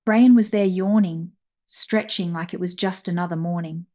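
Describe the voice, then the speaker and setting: A woman narrating a first-person story in a soft, measured, emotional way. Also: on the low side, steady tone, muffled recording.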